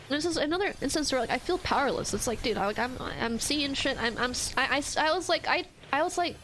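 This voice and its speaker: A woman's voice: sits high, expressive, quick pace, fairly bright tone, soft background music, low-quality recording. A young woman streamer venting in casual chat to her viewers, swearing often and stumbling over her words. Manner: ranting, frequent swearing and restarts.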